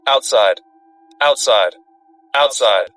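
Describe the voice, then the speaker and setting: A man voicing a dog's talking button, speaking in loud, clipped, repetitive words. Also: medium pitch, slow pace. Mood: insistent. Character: dog's talking button, a blunt recorded one-word voice.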